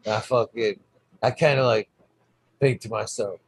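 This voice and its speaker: A man's voice: lowish voice, normal speed, slightly rough, dry recording, rough recording. A man hosting his own channel, telling a rambling, swear-heavy story in casual vlog style. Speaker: channel host.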